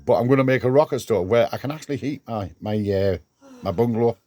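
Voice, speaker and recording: A man's voice: mid-range voice, fast, warm tone, no echo, studio quality. An older man vlogging from his garden shed workshop, rambling chattily with restarts as he talks to camera. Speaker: DIY vlogger. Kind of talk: casual vlog.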